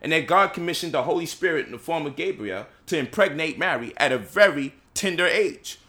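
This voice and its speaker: Bright-voiced preachy New man. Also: fairly high pitch, animated, fairly quick. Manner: preachy, rhetorical questions, mocking quoted voices. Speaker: speaker leading a discussion. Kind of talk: impassioned lecture.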